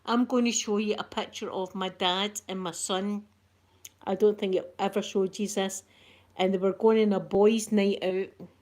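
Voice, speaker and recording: A middle-aged Scottish woman hosting a soft-spoken ASMR vlog, chatty and rambling, with local words like wee and yous. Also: mid-range voice, steady tone, moderate pace. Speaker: ASMR channel host.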